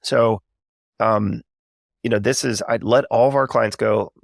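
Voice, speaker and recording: Man, low voice, vocal fry, earnest and chatty, dry close-miked sound. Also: fairly even intonation, a little slow, no room sound. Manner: conversational, many fillers, earnest and reflective. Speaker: podcast host. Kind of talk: candid storytelling monologue.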